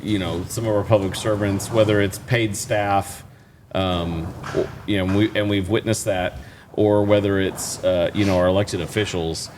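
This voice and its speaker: A man with a fairly low voice co-hosts a casual local talk podcast. He rambles, restarts and repeats words, with plenty of "you know" and "uh". A faint hiss sits under his voice. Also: steady tone, moderate pace, darkish tone. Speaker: podcast co-host. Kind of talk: casual chat.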